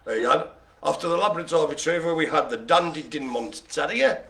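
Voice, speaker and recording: A man hosts a live online bingo game with jokey, rambling banter. His voice is gravelly and slightly raised, and his pitch swings widely as he talks. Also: lively intonation, a little fast, a bit bright. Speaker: host.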